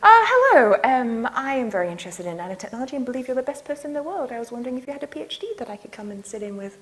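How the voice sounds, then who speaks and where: A woman's voice: high voice, sing-song, very fast, slight background noise. A woman voicing her younger self as a caller, using a put-on accent that is overly polite and breathless. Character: young woman caller faking a stiff formal voice.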